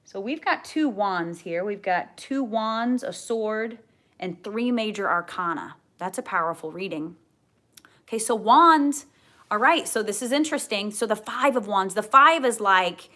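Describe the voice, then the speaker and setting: A woman giving a tarot card reading to camera, gentle and earnest, often repeating her key phrases. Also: medium pitch, expressive, a little slow. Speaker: tarot reader.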